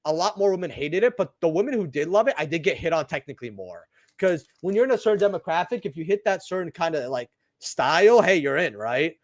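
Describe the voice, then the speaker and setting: Young male host, high and highly animated, rambling casual storyteller, dry close recording. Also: fast talker, no echo. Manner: rambling, animated, lots of "right?" and asides. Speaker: channel host opening trading cards. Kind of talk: casual storytelling while opening packs.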